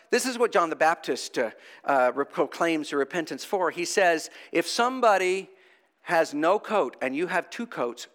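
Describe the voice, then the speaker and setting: Male preacher, slightly high voice, animated conversational sermon. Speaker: priest.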